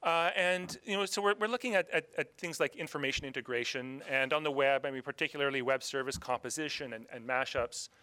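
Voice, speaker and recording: A man's voice: mid-range voice, a little fast, hardly any pauses, bright, forceful tone. A man from Canada presenting slides at a conference, hesitant and full of fillers. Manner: hesitant, many fillers and restarts. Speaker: panel speaker.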